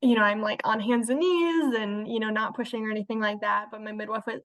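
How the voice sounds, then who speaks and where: A woman's voice: on the high side, steady tone, fast talker, fairly bright tone. A young woman telling a personal story as a guest in casual conversation, with many fillers. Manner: chatty, many fillers, laughs while telling. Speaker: interview guest.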